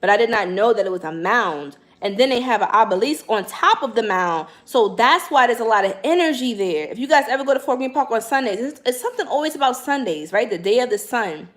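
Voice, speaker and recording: A young woman, hosting a casual livestream and chatting in slangy, animated talk straight to her viewers. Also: a little high, brisk, hardly any pauses. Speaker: spiritual livestream host.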